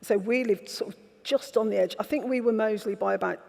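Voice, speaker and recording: A woman's voice: medium pitch, quick pace, gravelly, a little mellow. A woman, an author telling candid, wry stories in an onstage festival conversation. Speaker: author guest. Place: festival event stage. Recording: reverberant festival hall.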